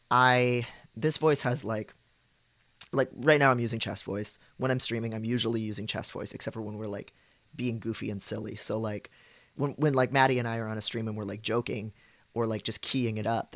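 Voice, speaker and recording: A man's voice: on the low side, steady tone, brisk, dry recording. Chatty man, dry close sound. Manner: chatty and explanatory, demonstrating vocal registers, many fillers. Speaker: streamer. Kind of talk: casual live-stream chat.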